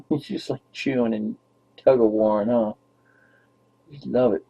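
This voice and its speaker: A man's voice: medium pitch, steady tone, unhurried, vocal fry, mellow, slightly rough. A young man rambling playfully to his dog on camera in baby talk, as a vlogger. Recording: tinny phone-like lo-fi audio.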